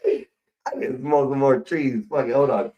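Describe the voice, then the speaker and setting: A man's voice: medium pitch, moderate pace, warm tone, dull audio. Rambling, cursing man. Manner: profane, rambling, drinking while talking. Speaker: stream host. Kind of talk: casual rambling livestream chat.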